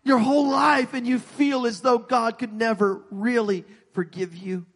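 A male pastor preaching an impassioned sermon with an altar call, rising to shouts. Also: very high voice, fairly even intonation, measured pace. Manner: impassioned, rising to shouts, voicing God's words.

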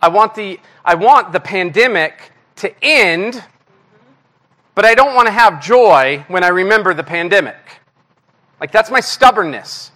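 A guest preacher gives a casual, confessional sermon to his congregation in a high, bright, forward voice. He's candid and self-deprecating, openly mocking himself, and keeps things animated while speaking unhurriedly in a conversational style.

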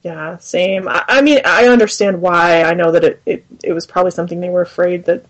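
A woman's voice: on the low side, fairly quick, lo-fi sound. A woman co-hosting a casual podcast chat, stumbling over restarts before landing her point firmly. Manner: hesitant, restarting, then emphatic. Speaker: podcast co-host.

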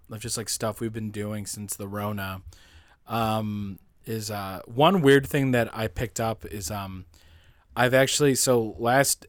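A man's voice: lowish voice, dry recording, studio quality. A man in his twenties chatting casually on a podcast, rambling with lots of filler words and laughing through his stories. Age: 20s. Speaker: podcast co-host.

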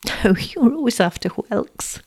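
A woman reading a storybook voices an earnest, tender young flower girl with a brighter, lifted tone. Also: a little high, lively intonation, measured pace, slightly rough, pitched above the performer's own voice, heavily acted.

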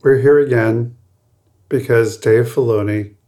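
A man's voice: mid-range voice, steady tone, measured pace, dark tone. A man co-hosting a podcast, chatting casually with frequent laughs and loose, rambling phrasing. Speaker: podcast co-host.

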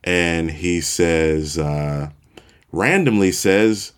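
Deep, slow-talking male podcast host. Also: clear, resonant tone. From Chicago, USA. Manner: relaxed, self-deprecating storyteller, chuckles at himself. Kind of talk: casual storytelling monologue.

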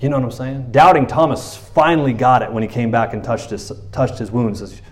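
A man preaching in a loose, conversational way, often checking in with his listeners and dropping to a quiet voice for emphasis. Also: mid-range voice, fast talker, few pauses. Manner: conversational, often asks 'you know what I'm saying', drops soft for emphasis. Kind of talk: informal sermon.

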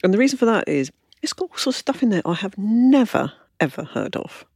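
A woman's voice: medium pitch, very animated, darkish tone, slightly rough, dry recording, clean studio sound. A woman hosting a food podcast, bubbly and playful, gushing over books and cake in casual chat. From United Kingdom. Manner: bubbly, fast, playful, effusive. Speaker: podcast host.

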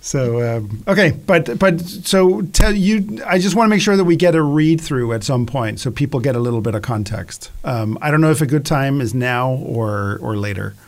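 A man's voice: mid-range voice, lively intonation, normal speed, hardly any pauses. Hesitant male rehearsal director. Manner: hesitant, many fillers. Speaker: director and narrator. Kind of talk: casual rehearsal talk.

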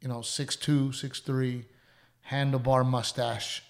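A man, co-hosting a podcast in casual chat, telling earnest stories and going hushed at heartfelt moments. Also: medium pitch, level tone, slow, creaky. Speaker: podcast co-host.

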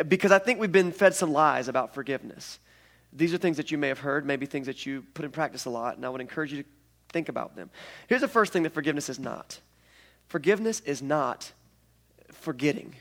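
A male pastor giving a sermon in a slightly high voice. He tells the story with lively ups and downs and slips in humorous asides. His delivery is casual and conversational.

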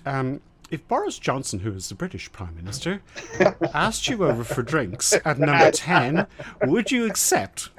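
A man's voice: a little high, very animated, measured pace, a loud crowd. Chatty radio host man. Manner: chatty, laughs often. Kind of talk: casual radio talk.

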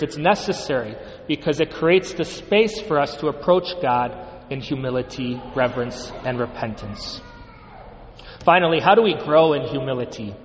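A priest giving an earnest, emphatic sermon with measured pauses, in a church. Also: male voice, a little high, long reverb tail, low-quality recording.

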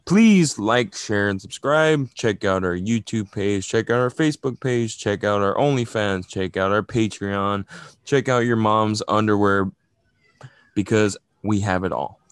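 A man co-hosting a casual movie review podcast, joking and relaxed with plenty of fillers. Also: lowish voice, a little slow, clear, resonant tone, no room sound. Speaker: podcast co-host.

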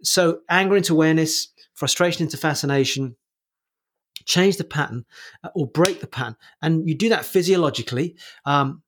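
Male podcast co-host, husky, rapid-fire coaching chat full of restarts. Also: a little high. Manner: rapid, animated explanations with many restarts. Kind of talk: casual conversational podcast talk.

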